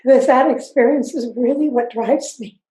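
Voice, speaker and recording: An older woman giving intense, earnest personal testimony as an interview guest, halting and repeating herself. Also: sits high, warm tone. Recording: roomy echo.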